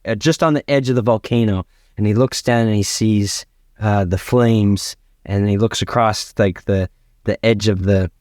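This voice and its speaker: A man's voice: lowish voice, normal speed, dry recording, clean studio sound. A man improvising a comedy adventure story as a podcast host. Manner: animated, laughing narration.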